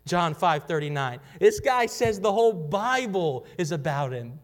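A man's voice: high voice, big pitch swings, measured pace. A man preaching a sermon, emphatic, repeating phrases for weight and sometimes dropping to a whisper. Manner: emphatic, drops to a whisper for quoted words; repeats and restarts phrases while building emphasis. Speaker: pastor. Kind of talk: expository sermon.

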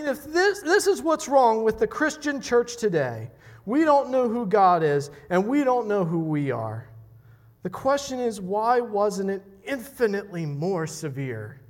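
A man impersonating a stern older male preacher, delivering a quote in a loud, indignant yell. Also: high-pitched. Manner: yelling, rising indignation.

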